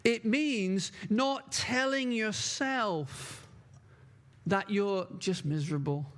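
A man's voice: high voice, fairly bright tone. A man preaching a sermon, earnest and emphatic, repeating key words for stress.

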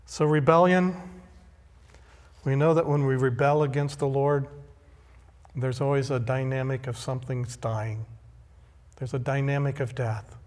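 Slow, emphatic male pastor preaching. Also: mid-range voice, steady tone, a little mellow. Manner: emphatic, slow and deliberate preaching with repeated phrases. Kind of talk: sermon. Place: church sanctuary. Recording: long hall reverb.

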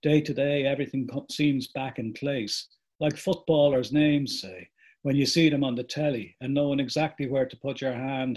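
A man reading aloud as a middle-aged father reflecting on lost memory, in a slow, reflective way. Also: mid-range voice, a little mellow, lightly acted. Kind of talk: reading a book passage aloud.

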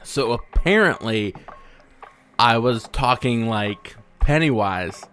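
A man's voice: mid-range voice, animated, slow pace, fairly bright tone, faint music behind. A man in casual chat among friends, joking and swearing.

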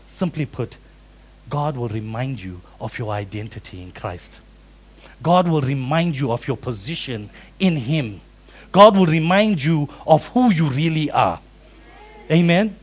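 A man preaching a sermon, animated and acting out quoted voices. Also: a little high, normal speed. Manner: animated, acts out quoted voices with big swings in loudness. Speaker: pastor.

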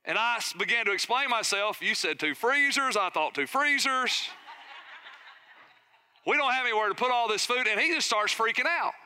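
A middle-aged man, a pastor preaching a sermon with energetic storytelling and questions to his congregation. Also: extremely high pitch, moderate pace, clean tone, no room sound.

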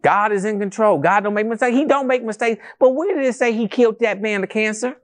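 A male pastor preaching a sermon to a congregation in a church, animated and conversational, with rhetorical questions and calls to the congregation. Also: high voice, fairly quick. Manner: addresses the congregation as family, calls for responses.

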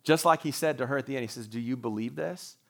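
A man's voice: medium pitch, quick pace, vocal fry. A man who is a pastor, preaching a sermon in a conversational way, with rhetorical questions and joking asides.

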